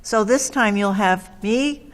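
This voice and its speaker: A woman working as an adult literacy tutor, speaking patiently with encouraging praise and careful explanations. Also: medium pitch. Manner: patient, warm praise, slow clear explanations.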